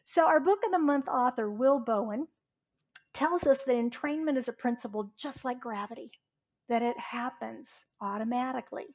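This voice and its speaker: In a church sanctuary, a middle-aged woman from Southwest Virginia preaches a chatty sermon as reverend, directing questions to the congregation. She speaks at a moderate pace with a fairly high pitch.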